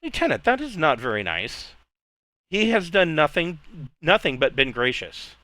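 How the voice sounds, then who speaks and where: A man's voice: a little high, very animated, moderate pace, pushed and bright, dry recording. A man voicing a poised, gracious young noblewoman who speaks with firm courtesy. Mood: reproachful. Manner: courteous, reproachful.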